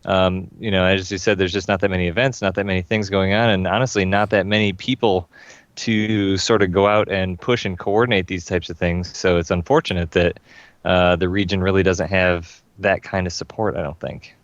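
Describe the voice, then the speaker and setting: A man from Michigan speaking as a guest in a casual chat, measured and thoughtful. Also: sits low, fairly even intonation, no room sound. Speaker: guest commentator. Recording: dull, dry sound.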